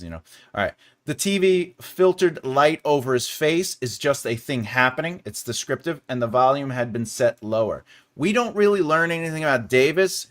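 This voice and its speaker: Lively New York-accented man teaching writing. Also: medium pitch. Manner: lively, chatty, reads viewer comments and laughs often. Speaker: developmental editor hosting a live stream. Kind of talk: live-stream writing lesson.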